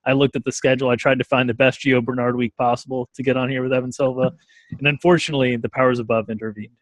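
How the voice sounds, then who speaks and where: A man's voice: mid-range voice, flat delivery, fast talker, dry recording. A man with a dry, wry sense of humor talking through sports stats on a casual podcast. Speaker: podcast guest analyst. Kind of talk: casual chat.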